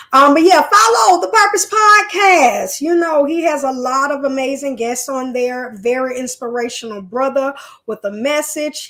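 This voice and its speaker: Woman hosting a live stream from home, chatty and folksy, calls everyone y'all, voice a bit high. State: leg pain. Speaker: host. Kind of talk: casual live-stream chat.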